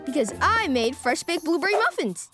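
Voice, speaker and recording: A woman's voice: high voice, sing-song, moderate pace, over loud music. A woman voicing a fussy, cheerful boy in a cartoon, speaking in a sing-song way.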